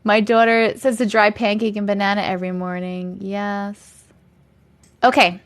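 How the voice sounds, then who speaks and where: A woman's voice: medium pitch, flat delivery, measured pace. A woman hosting a live stream, chatting casually with viewers, reading out their comments and laughing often. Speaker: livestream host reading viewer stories.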